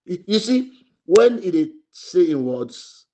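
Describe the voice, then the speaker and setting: Husky, emphatic Sierra Leonean man. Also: a little high, sing-song, normal speed. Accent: Sierra Leonean Krio English. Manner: emphatic, repetitive, rising to shouts. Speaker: party spokesman. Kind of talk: impassioned political commentary.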